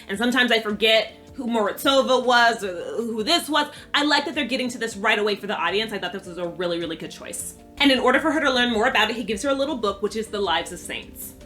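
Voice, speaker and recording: A woman's voice: fairly high pitch, bright, forceful tone. A woman giving a casual, chatty recap of a TV episode, laughing often and using slangy, profane asides. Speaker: TV recap reviewer.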